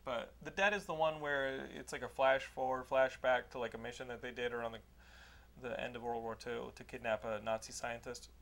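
A man hosting a podcast, telling a movie story in a loud, profane way and often laughing. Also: mid-range voice, steady tone, moderate pace, creaky. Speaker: podcast host. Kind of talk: casual chat, movie review.

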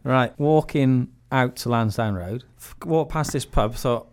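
Give me a man of middle pitch telling a funny story on a podcast, laughing as he goes. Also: a little slow, clear, resonant tone. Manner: animated anecdote teller, laughs often, repeats punchlines. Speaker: podcast host. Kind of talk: casual storytelling chat.

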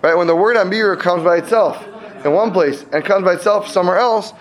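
A man's voice: sits high, fairly quick. A man teaching a classroom Talmud lesson, explaining step by step and checking in with students often.

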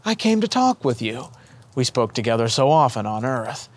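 A man voicing a gentle, affectionate young boy saint who speaks earnestly and kindly to an old friend. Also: a little high, very animated, a little slow, pitched above the performer's own voice.

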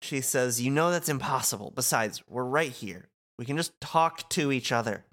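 A man's voice: mid-range voice, lively intonation, moderate pace, a bit bright. A man co-hosting a casual podcast, reading game dialogue aloud with a dry, teasing manner. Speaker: podcast co-host.

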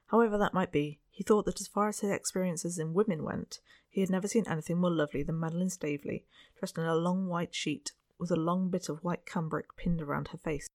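Reader for a classic-novel audiobook: steady, unhurried delivery, mid pitch, bone-dry close mic. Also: no room sound. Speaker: audiobook narrator. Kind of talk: scripted narration of a Victorian novel.

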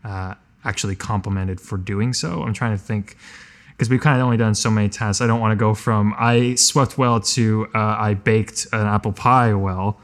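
A man's voice: fairly low pitch, fairly even intonation, normal speed. A man playing a tabletop role-playing game, rambling and thinking aloud with many fillers. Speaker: tabletop player. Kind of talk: casual in-character musing.

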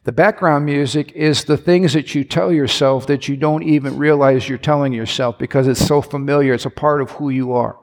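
A man's voice: mid-range voice, steady tone, normal speed, few pauses, darkish tone. Man preaching in a reverberant hall. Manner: conversational preaching with asides and restarts. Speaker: pastor. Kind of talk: sermon. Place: church sanctuary.

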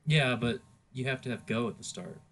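Chatting casually as a podcast co-host, a man rambles and laughs readily. He speaks a bit quickly, with a mid-range voice and a fairly bright tone.

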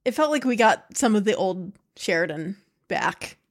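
A woman co-hosting a podcast in casual chat, relaxed and thoughtful. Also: mid-range voice, normal speed. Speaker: podcast co-host.

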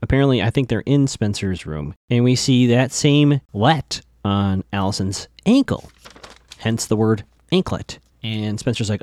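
A man's voice: on the low side, expressive, a little slow, darkish tone, no room sound. A man casually recapping a TV episode, chatty, with lots of fillers, stammered restarts and asides to his listeners.

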